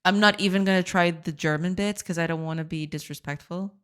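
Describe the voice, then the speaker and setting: A woman's voice: fairly low pitch, fairly even intonation, fairly quick, fairly bright tone, clean tone. A woman streaming her game development, chatting casually with her viewers, giggly and reading chat aloud.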